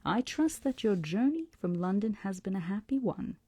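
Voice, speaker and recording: A woman reading a hushed, courtly count's letter. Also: medium pitch, big pitch swings, breathy edge, no echo. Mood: hushed formal. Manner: slow, hushed, formal. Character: courteous old nobleman count writing a letter.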